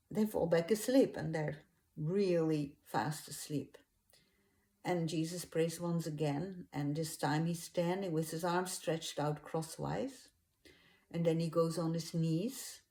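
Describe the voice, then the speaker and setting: A woman retelling a religious story in an unhurried, hesitant way, with fillers and restarts. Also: low voice, dark tone.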